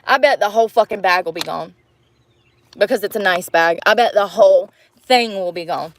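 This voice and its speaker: A woman's voice: medium pitch, normal speed. A young woman ranting in a casual livestream, frustrated and swearing as she rambles.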